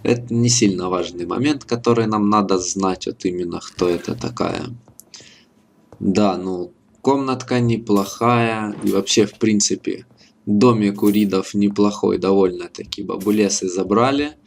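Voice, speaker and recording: Gravelly-voiced gamer. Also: male voice, lowish voice, moderate pace, slight background noise. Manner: casual, joking, slangy. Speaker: gamer commentator. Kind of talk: let's play commentary.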